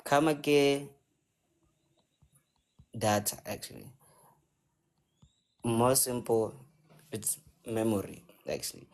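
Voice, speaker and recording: A man's voice: mid-range voice, takes it slowly, pauses often, darkish tone. A South African man hosting a live stream in a rambling, playful way, sliding between languages and slang. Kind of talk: casual live-stream chat.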